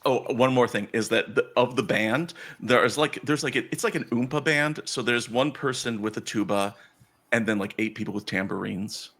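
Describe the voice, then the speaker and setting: A man's voice: mid-range voice, normal speed, a bit bright. A man running a tabletop game as game master, narrating loosely with lots of "like" and restarts.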